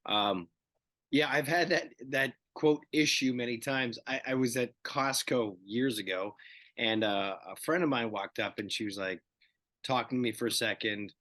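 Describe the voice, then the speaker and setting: A man in his fifties, a guest actor in a casual interview, telling animated stories and acting out the dialogue. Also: mid-range voice, dry recording. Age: 50s. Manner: animated storyteller who acts out dialogue.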